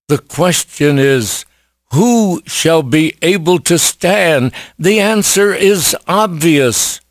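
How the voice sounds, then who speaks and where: Man, preacher, evangelistic sermon, emphatic rhetorical questions, very slow delivery, dry close sound. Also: mid-range voice, no room sound.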